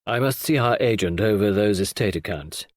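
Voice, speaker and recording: A man's voice: on the low side, moderate pace, dry recording, clean studio sound, lightly acted. A man voicing an impassive, formal middle-aged husband in a storybook reading.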